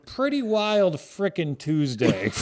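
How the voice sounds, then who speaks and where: A man's voice: on the high side, darkish tone. A young man hosting a casual sports-betting podcast, rambling and joking and laughing at his own bits. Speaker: podcast host.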